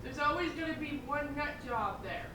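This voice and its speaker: A woman in her twenties chatting casually, telling lively stories full of fillers and quoted voices. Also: high voice, normal speed, echoey room, background noise. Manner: animated storytelling with many fillers and quoted voices. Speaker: storyteller in casual chat. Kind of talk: casual chat.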